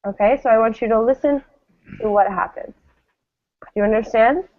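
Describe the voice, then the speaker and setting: A woman's voice: on the high side, moderate pace. A woman teaching English pronunciation, patiently modeling words for her class to repeat. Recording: tinny phone-like lo-fi sound.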